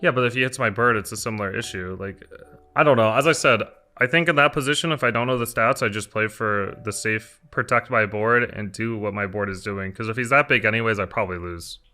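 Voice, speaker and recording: A man's voice: fairly low pitch, a little fast, bright, forceful tone. A man streaming a card game, thinking aloud and answering chat questions in an explaining tone. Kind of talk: live-stream gameplay commentary. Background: faint lo-fi music.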